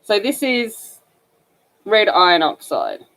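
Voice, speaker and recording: A woman's voice: mid-range voice, huge pitch swings, slow pace, fairly bright tone. A woman from northern Australia with an Australian accent and a scratchy voice, chatting casually and rambling with many fillers as she hosts a coloring livestream. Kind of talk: casual chat while coloring.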